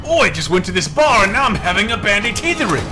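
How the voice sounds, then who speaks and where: A boozy bar brawler, as a man hams it up, raised and jokey in pitch. The voice sounds like a caricature played for laughs. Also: big pitch swings, quick pace, music in the background.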